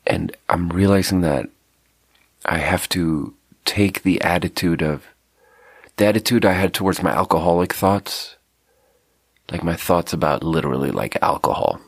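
Alone on his podcast, a host with a stuffy nose rambles in a reflective, self-deprecating casual monologue, his accent slipping slightly toward South African. His voice sits low with vocal fry and a breathy edge at normal speed, recorded dry with clean studio sound.

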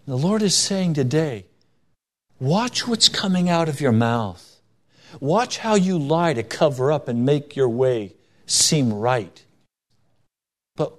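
Male preacher, sermon, emphatic rises and falls, slightly higher voice. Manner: emphatic, rising and falling for stress; acts out quoted voices in anecdotes.

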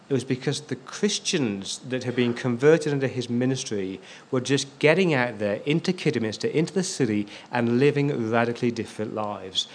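A man's voice: medium pitch, slight background noise. A man preaching a sermon as a pastor, stressing key words and repeating them for emphasis.

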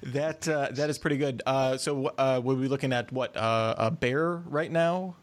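A man hosting an interview podcast, asking questions casually and pausing often with fillers. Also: mid-range voice. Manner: hesitant, many fillers and restarts. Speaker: podcast host.

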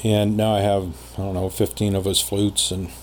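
A man telling a personal story in casual conversation as a podcast guest, rambling with many pauses and fillers. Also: lowish voice, flat delivery, a little mellow, a little hiss or hum.

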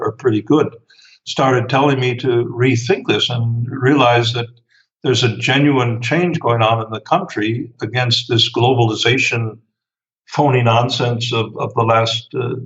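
A man answering interview questions at length, pausing often with fillers and restarts. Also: medium pitch, muffled recording. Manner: hesitant, many fillers and restarts. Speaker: interview guest, author.

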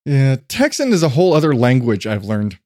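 A man's voice: medium pitch, sing-song, fairly quick, a little mellow, dry recording. A man in casual podcast chat who talks with wry, dry humor.

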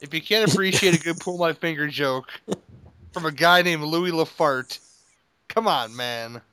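A man co-hosting a casual film commentary podcast, joking and teasing the others with quick comic riffs. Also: on the high side, sharp tone, clear, resonant tone, no room sound. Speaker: podcast co-host.

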